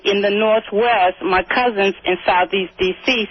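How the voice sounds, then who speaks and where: Breathy woman from D.C. calling in. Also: medium pitch, measured pace, hardly any pauses. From Washington, D.C. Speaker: caller. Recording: breathy lo-fi phone line.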